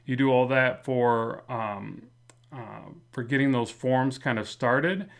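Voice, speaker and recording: A man with a slight lisp, talking through a drawing in a relaxed, rambling way as a comic art instructor. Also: mid-range voice, slow, gravelly. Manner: relaxed, rambling, many fillers and restarts. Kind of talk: casual drawing tutorial narration.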